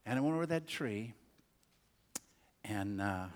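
An older man preaching a sermon as a rambling story, folksy and self-deprecating, with quick asides to the congregation and a rural turn of phrase. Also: fairly low pitch, expressive. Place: church auditorium. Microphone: handheld or headset mic.

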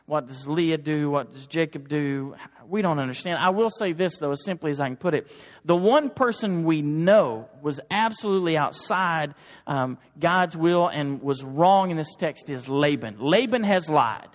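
A man preaching a sermon to his church in an earnest, emphatic way that builds to forceful exhortation. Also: a little high, expressive, unhurried, long reverb tail. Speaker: pastor. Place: church sanctuary.

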